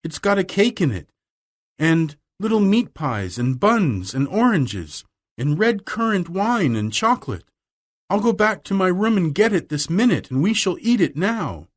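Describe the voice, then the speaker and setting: A timid, slow, kind-hearted schoolgirl in a storybook reading, as a man puts her on. She stammers and hesitates, her voice pushed up high with a lively, rising melody. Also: exaggerated voice. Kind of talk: audiobook reading.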